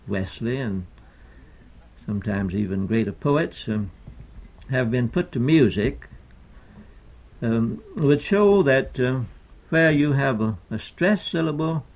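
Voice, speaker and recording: This is an older man, a poet, talking about meter in a measured, halting lecture full of pauses and fillers. His gravelly voice sits in the mid-range, captured on a dull, lo-fi archival recording.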